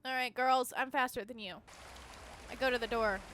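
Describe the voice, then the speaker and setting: A woman's voice: on the high side, fairly even intonation, normal speed, fairly bright tone, a little hiss or hum. A woman streaming a horse-riding video game, rambling casually with lots of "like" fillers. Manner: rambling and chatty, many "like" fillers. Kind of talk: casual gameplay commentary.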